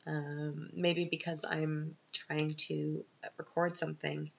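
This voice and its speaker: A deep, gravelly yet fairly bright voice belongs to a woman hosting her own podcast in Vienna, speaking slowly and flatly with slight background noise. Her personal monologue is unscripted, tearful and emotional, hesitant and full of ums, on a dull lo-fi recording.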